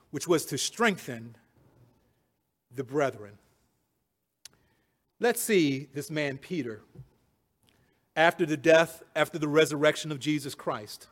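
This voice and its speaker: A man preaching a sermon, dramatic and dropping low and soft for emphasis. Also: animated, slow, pauses often, breathy edge.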